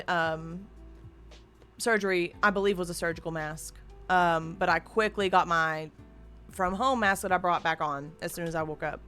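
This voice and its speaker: A woman's voice: fairly low pitch, fairly bright tone, clean tone. A woman streamer chatting casually and candidly into a desk microphone at home, rambling and swearing freely. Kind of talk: casual live-stream chat.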